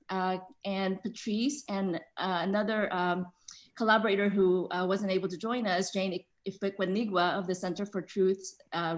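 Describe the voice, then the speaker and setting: A woman speaks as the organizer to close the event. she thanks people, and she says um and uh a lot. her voice sits a bit low. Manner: halting, full of ums and uhs. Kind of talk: closing remarks.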